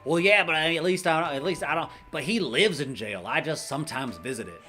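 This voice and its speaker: A man's voice: a little high, lively intonation, fairly quick, music in the background, lightly acted. A man voicing a defensive rural man excusing his drinking, in a country twang. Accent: Southern US country.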